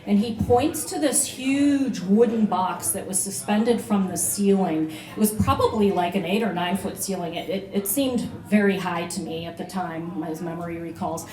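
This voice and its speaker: A woman's voice: medium pitch, moderate pace, hardly any pauses, warm tone, reverberant, poor audio. A woman telling a personal story to a live audience, chatty, with many fillers and restarts. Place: live venue, beach bar room.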